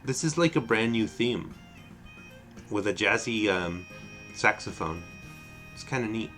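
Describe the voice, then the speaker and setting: A man chatting casually over his game stream, low-voiced and easygoing, with self-mocking asides and small chuckles. Soft game music runs faintly underneath. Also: expressive, a little slow. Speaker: let's play streamer.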